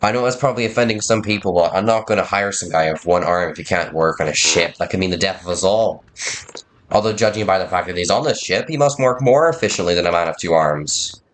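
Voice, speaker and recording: A man with a low voice plays through a story game, reading its text and adding rambling, self-deprecating asides. A faint hiss sits under his voice. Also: quick pace. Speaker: game player. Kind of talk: let's play narration, reading and commenting.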